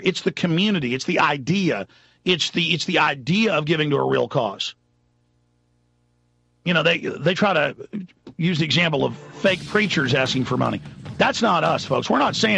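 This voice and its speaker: A male radio show host delivering an impassioned, rambling monologue that shifts between low mutters and shouts. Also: creaky, breathy edge, no room sound. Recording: dry, dull lo-fi recording.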